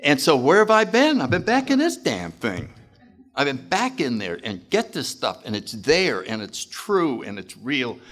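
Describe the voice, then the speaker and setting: A man speaking at a recovery meeting, telling stories in an animated way and acting out voices. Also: mid-range voice, unhurried. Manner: animated, acts out voices, laughs often. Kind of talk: recovery talk storytelling.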